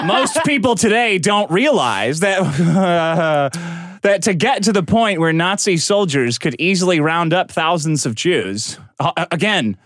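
A man's voice: high voice, takes it slowly, dry recording, studio quality. A man in his forties hosting a casual podcast chat, sardonic and swearing as he tells stories. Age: 40s. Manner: sardonic, swears often, animated storytelling.

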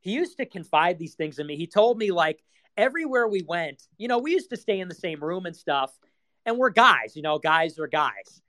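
A man's voice: high voice, animated, normal speed, a bit bright. A young man hosting a livestream, talking in a rambling, filler-heavy way with laughing asides. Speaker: livestream host. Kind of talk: rambling casual chat.

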